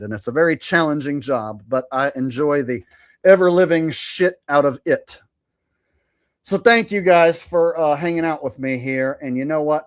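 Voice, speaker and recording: A man hosting a live stream, who chats loosely in a joking, profane way. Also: on the high side. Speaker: streamer host. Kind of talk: casual live-stream commentary.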